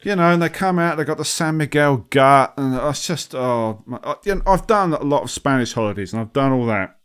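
A man's voice: medium pitch, expressive, brisk, a bit bright, clean tone. A man co-hosting a podcast, ranting in casual comedic chat and slipping into mocking voices. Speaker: podcast co-host.

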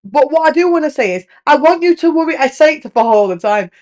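A woman's voice: high-pitched, lively intonation, fast, darkish tone. A woman, hosting a podcast and talking frankly about her marriage, swearing freely and telling stories with lots of energy. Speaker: podcast host. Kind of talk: candid casual chat.

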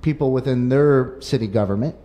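A man co-hosting a casual local talk show, teasing his co-hosts and pitching jokes. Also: fairly quick, mellow. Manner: joking, teasing. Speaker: co-host. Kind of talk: casual chat.

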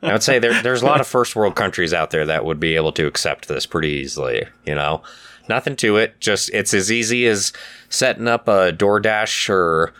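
A man's voice: fairly low pitch, moderate pace, a bit bright. A man chats loosely on a podcast, trailing off into "you know" and dropping casual swears. He sounds laid-back and easily amused. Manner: laid-back, profane, laughs a lot. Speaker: podcast co-host. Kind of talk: casual chat.

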